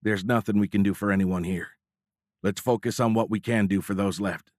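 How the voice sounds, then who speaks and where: Guy doing a tired steady officer, lowish voice, dry. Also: normal speed, dry recording, lightly acted. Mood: weary.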